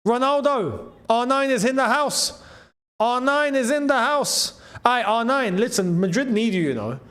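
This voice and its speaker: A young man hosting a casual live football watchalong, excitable and bantering, laughing often. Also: extremely high pitch, unhurried. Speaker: football channel host.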